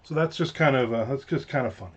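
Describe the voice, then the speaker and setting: A man's voice: mid-range voice, fast, husky, dull audio. Rambling, joking man in his fifties. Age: 50s. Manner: rambling, joking storyteller who mimics his mother. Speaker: author streaming a live writing session. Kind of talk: casual live-stream chat.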